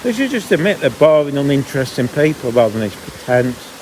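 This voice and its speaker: Brief: chatty man, mid-pitched, vlogging outdoors while walking dogs, with faint noise behind. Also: very animated, brisk, a little mellow. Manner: chatty, grumbling, breaks off mid-sentence. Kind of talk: casual walking vlog monologue. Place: outdoors on a canal towpath.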